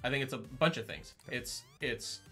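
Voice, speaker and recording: A man's voice: medium pitch, expressive, normal speed, sharp tone, soft background music. A man co-hosting a casual film discussion, laying out an analytical take in a laid-back way. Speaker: podcast co-host.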